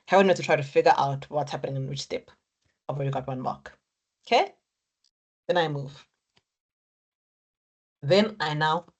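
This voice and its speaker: A woman lecturing students on exam technique, encouraging and repetitive as she talks them through each step. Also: sits low. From Africa. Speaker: accounting lecturer.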